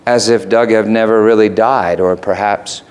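A man's voice: fairly low pitch, steady tone, moderate pace, a little mellow, smooth. A man preaching a sermon in a conversational way that rises to emphatic peaks.

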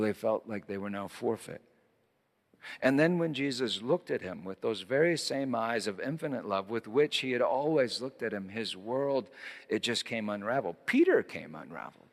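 A man preaching a sermon, reading scripture dramatically, rising loud and high in quoted lines and dropping to a hush in tender ones. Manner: dramatic scripture reading, swelling then hushed. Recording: long hall reverb.

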